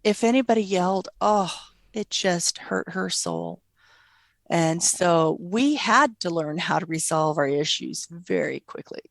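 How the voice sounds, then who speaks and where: Gravelly-voiced middle-aged mother telling stories. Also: on the low side, unhurried, dry recording. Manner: tender, animated quoting of her child. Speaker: guest, mother. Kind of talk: storytelling interview.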